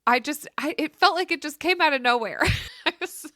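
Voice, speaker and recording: A woman's voice: high-pitched, moderate pace, pushed and bright, no echo, studio quality. A woman co-hosting a casual book club podcast, thinking aloud with many restarts. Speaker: podcast co-host.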